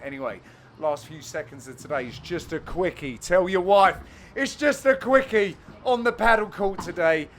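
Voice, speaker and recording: A man giving a cheeky, jokey, self-mocking voice-over commentary on amateur match footage, with bursts of excitement. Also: a little high, moderate pace, slight background noise. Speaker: channel host and commentator.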